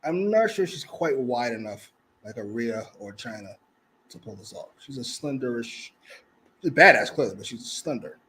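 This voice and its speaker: Animated, profane man reviewing wrestling. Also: medium pitch, normal speed, low-quality recording. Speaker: co-host. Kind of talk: casual wrestling review chat.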